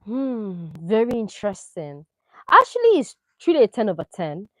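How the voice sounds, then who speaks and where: A woman doing casual, opinionated commentary on a reality show, animated and full of rhetorical questions. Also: mid-range voice, moderate pace, no echo, poor audio. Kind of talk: casual chat.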